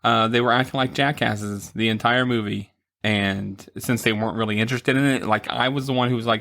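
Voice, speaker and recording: A man in his forties hosting a casual podcast, goofy and quick to laugh. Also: fairly even intonation, gravelly, a bit bright. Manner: goofy, laughs a lot, breaks into silly high voices. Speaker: podcast host. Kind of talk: casual chat.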